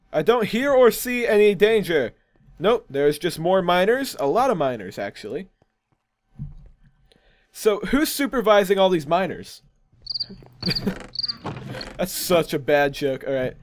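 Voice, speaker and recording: A man hosting a gaming video, giving casual commentary in an excitable, jokey way and laughing at his own bad puns. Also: fairly high pitch, moderate pace.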